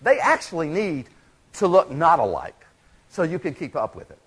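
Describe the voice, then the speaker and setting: Animated man giving a stage talk. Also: fairly high pitch, normal speed, noisy background. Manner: animated, chatty, many restarts. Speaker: theater speaker leading a stage demonstration. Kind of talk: lively lecture with audience volunteers. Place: stage before a live audience.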